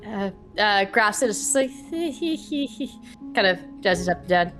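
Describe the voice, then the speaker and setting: A woman narrating a tabletop game as game master, animated and quick to laugh. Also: medium pitch, faint music behind.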